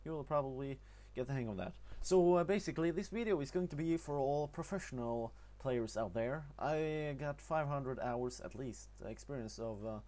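Halting young man, Norwegian accent. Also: medium pitch, mellow. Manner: halting, many fillers and restarts. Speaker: gaming tutorial narrator. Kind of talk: casual gameplay voice-over.

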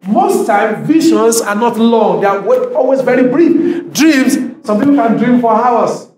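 A male pastor preaching a sermon in church, emphatic, often asking the congregation if they are listening and rising to shouts. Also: very high voice, unhurried, reverberant, poor audio.

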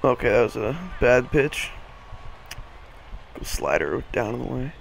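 A young man with a hoarse morning voice, hosting casual video game commentary, rambling with lots of fillers and the odd swear. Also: medium pitch, very animated, a little slow, slight background noise. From Boston area. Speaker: gaming channel host.

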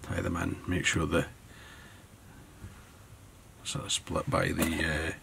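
A man's voice: very deep voice, little pitch movement, slow pace, creaky, pushed and bright, slight background noise. A man with a Scottish accent narrating a fly-tying tutorial at his tying desk in an easygoing way, thinking aloud as he works. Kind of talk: tutorial narration while working.

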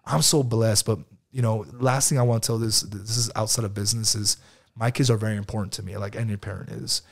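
A man in his thirties speaking as a guest in a casual interview, relaxed and conversational, often calling the host "bro". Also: lowish voice, fast, gravelly. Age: 30s. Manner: casual, peppers talk with "bro". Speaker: guest entrepreneur.

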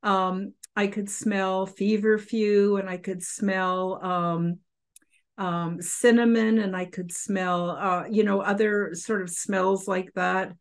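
A woman's voice: mid-range voice, flat delivery, slow pace. A woman hosting a podcast who tells a personal story in a rambling, effusive way, with many fillers. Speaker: podcast host.

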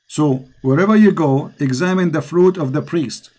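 A man's voice: a little high, normal speed, dark tone, breathy edge. Impassioned preaching man, Arabic accent. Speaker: host. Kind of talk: call-in religious talk.

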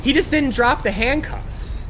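A man giving gameplay commentary, excitable and ranting with frequent swearing. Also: extremely high pitch, unhurried, noisy background. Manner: excitable, swears freely, rants in frustration. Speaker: gaming video creator.

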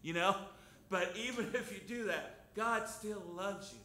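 A bright, high-voiced man preaches an informal sermon in a folksy, emphatic manner, swinging from loud bursts to soft asides. His voice rings through a very echoey church hall with faint background noise. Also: lively intonation, measured pace. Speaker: pastor.

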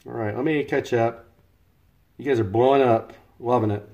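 A man's voice: medium pitch, normal speed, vocal fry, darkish tone. A man from the United States talks through a casual live cooking stream at home. He chats loosely with viewers, stops to greet people by name, and keeps up a running commentary as he works.

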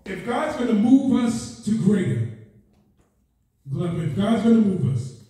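A man preaching a sermon in a passionate, repetitive cadence, rising to shouts and often crying out "oh God" between phrases. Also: high voice, animated, measured pace. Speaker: guest preacher. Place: church sanctuary. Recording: echoey church from far off.

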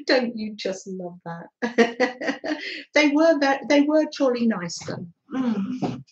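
Lively, slow-talking North London woman. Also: on the high side. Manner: chatty, giggly, reads out viewer comments. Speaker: craft live-stream host. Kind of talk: casual live-stream chat with viewers. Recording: echoey room, slightly dull sound.

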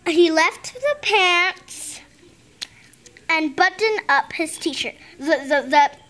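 A woman reading a picture book aloud slowly and haltingly, stumbling and restarting on words. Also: extremely high pitch, animated, pushed and bright. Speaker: reader.

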